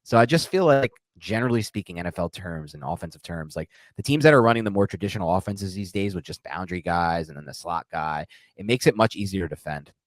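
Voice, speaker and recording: A young man with a fairly low voice co-hosts a casual sports podcast, picking apart game tape. He talks in an animated, chatty way. The sound is dry and close to the mic. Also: fast talker, no room sound. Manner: animated, mimics voices in quotes. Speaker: podcast co-host.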